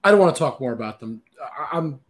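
Sports talk host guy, lively up-and-down voice, joking around with the crew. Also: medium pitch, fast. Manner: teasing, animated.

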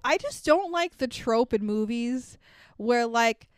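A woman's voice: a little high, lively intonation, slow pace, clean tone, no echo, studio quality. A young woman co-hosting a podcast, recapping a movie in casual chat, laughing, swearing and acting out lines. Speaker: podcast co-host.

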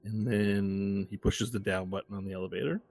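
A man narrating a tabletop game as game master, in a relaxed, meandering way. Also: lowish voice, moderate pace, vocal fry.

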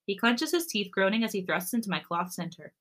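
A woman podcast co-host reading romance fan fiction aloud, expressive and sometimes breaking into giggles. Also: medium pitch, a little fast.

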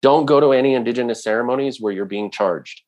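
A man's voice: mid-range voice, quick pace, darkish tone. A man speaking earnestly in a conversational way about culture, with frequent restarts. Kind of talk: casual talk.

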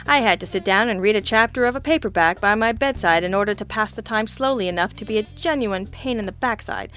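A woman's voice: mid-range voice, a bit bright. Wry woman narrating a hard-boiled story. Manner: wry, sardonic, teasing. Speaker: audiobook narrator.

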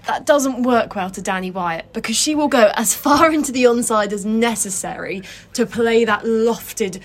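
A woman's voice: on the high side, normal speed. A woman co-hosting a cricket podcast, talking through match tactics and statistics in an analytical, casual way. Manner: analytical, cites figures and stats. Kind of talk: casual sports discussion.

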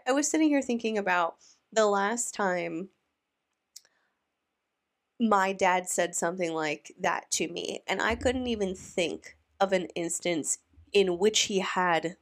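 A woman's voice: mid-range voice, unhurried. A woman giving casual reaction commentary, talking in a chatty, incredulous way with many restarts.

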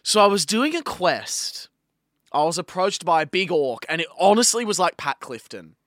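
A young man co-hosting a podcast, chatting casually, swearing and telling an animated story. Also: high-pitched, moderate pace, no echo, clean studio sound. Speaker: podcast co-host. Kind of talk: casual chat.

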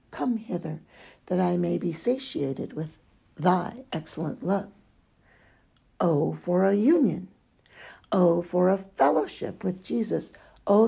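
Woman reading old devotional letters aloud: fervent, drawn-out, gravelly and dark, low-pitched. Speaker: reader.

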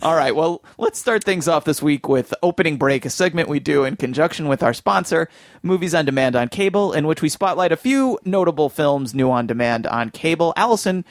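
A man's voice: a little high, expressive, a little fast, dry recording, clean studio sound. A man hosting a film podcast, jokey and playful as he sets up the episode. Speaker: podcast host. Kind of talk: casual film podcast chat.

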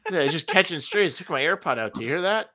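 A man's voice: a little high, animated, quick pace, bright, forceful tone. A man co-hosting a casual sports podcast, telling rambling stories with mock indignation. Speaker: podcast co-host.

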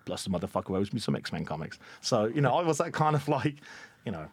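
A man's voice: lowish voice, sing-song, fast, breathy edge, no echo. A man, a podcast guest talking in a wry, self-deprecating, easygoing way. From England. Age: 30s. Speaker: podcast guest, comic book writer. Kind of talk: casual chat.

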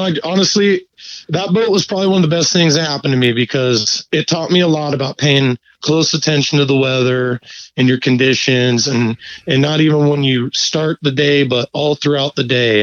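A man telling a fishing story in a laid-back, profane, animated way during a casual chat. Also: medium pitch, no room sound, lo-fi sound. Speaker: guest angler.

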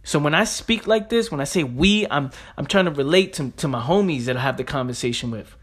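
Fired-up New man, slightly high voice. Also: animated, brisk, slightly rough. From New York. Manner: emphatic, street slang, repeats phrases. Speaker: podcast host. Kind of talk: motivational podcast monologue.

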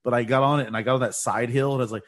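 A man's voice: medium pitch, fairly even intonation, very fast. A man co-hosting a casual podcast, telling stories and recapping scenes in a laid-back way. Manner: laid-back, recounting, laughs often. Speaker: podcast co-host. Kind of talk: casual chat.

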